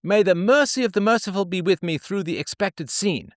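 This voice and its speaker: A man reading a pioneer woman's diary aloud in a raised, put-on woman's voice, listing chores in a measured way. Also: expressive, no room sound, studio quality. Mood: earnest. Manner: high, measured recital of daily chores. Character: prim, steady adult pioneer woman reading her diary.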